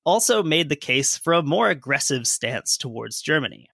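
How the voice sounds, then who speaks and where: On the history podcast he co-hosts, a man narrates old news quotations and chats, slipping in dry humor. His fairly high voice has a sing-song quality, vocal fry, and a slightly bright edge at a moderate pace, with no room sound.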